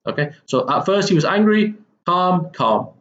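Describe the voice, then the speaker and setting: This male English teacher's voice is high-pitched and fairly bright, with big pitch swings at a normal speed. He casually goes through a textbook lesson with many fillers and self-corrections, and the recording has its highs cut off.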